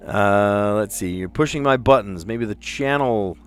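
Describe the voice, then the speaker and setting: A man's voice: lowish voice, a little slow, clear, resonant tone, faint music behind. A middle-aged man, a teacher, chatting casually as he solves word puzzles aloud, muttering letters and laughing at himself.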